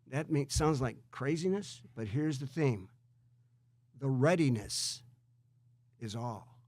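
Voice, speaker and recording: A male host in a conversational interview, speaking in an animated way and often repeating words as he gets going. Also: mid-range voice, takes it slowly, long pauses, no room sound. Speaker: show host.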